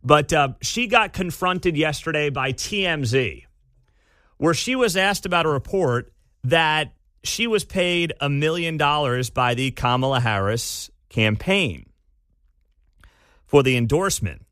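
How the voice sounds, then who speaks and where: A man's voice: a little high, expressive, unhurried, a bit bright, dry recording, studio quality. A man hosting a talk radio show, giving sarcastic, opinionated commentary in a chatty way. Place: radio studio. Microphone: studio mic.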